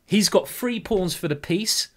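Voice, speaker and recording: A man's voice: high voice, lively intonation, a little slow, a bit bright. A man streaming blitz chess, thinking aloud in a chatty, self-mocking way and talking to his viewers. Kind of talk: live-stream commentary while playing blitz chess.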